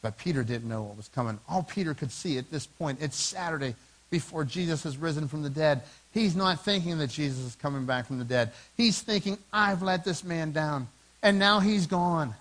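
A man delivers a sermon in a fairly high voice, retelling a story with animated, acted-out dialogue. He rises and falls in loudness as he goes and often restarts his sentences. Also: a little fast. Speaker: pastor.

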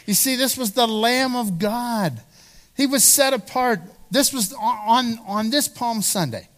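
A male pastor delivering a Sunday sermon in a fairly high voice. He speaks earnestly and with emphasis, and stumbles over repeated words as he pushes toward each point. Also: a little slow, fairly bright tone.

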